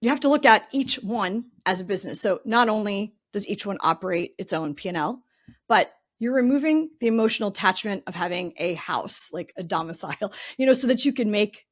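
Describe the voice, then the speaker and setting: A woman's voice: medium pitch, lively intonation, brisk. A middle-aged woman speaking as a guest in a casual podcast interview, chatty and thinking aloud with plenty of filler words. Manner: chatty, lots of "um" and "you know", thinks aloud. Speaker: podcast guest, real estate investor.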